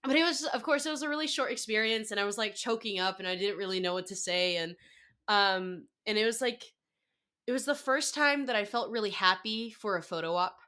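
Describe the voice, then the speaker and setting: Bright-voiced young woman gushing excitedly. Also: mid-range voice, brisk. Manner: excited, gushing storytelling full of "like". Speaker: podcast guest. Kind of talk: casual chat.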